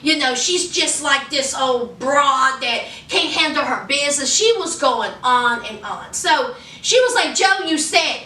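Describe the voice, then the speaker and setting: High, animated, slow-talking woman vlogger. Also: distant mic. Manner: chatty, drawling, addresses viewers as honey and y'all. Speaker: gossip vlogger. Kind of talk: casual celebrity gossip. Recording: roomy and off-mic.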